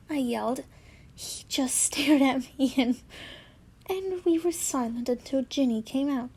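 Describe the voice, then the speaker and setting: A young woman with a high voice reads a fanfiction story aloud at an unhurried pace. She plays the characters' lines herself and keeps breaking off to giggle and comment on the story. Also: slightly rough. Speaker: fanfiction reader.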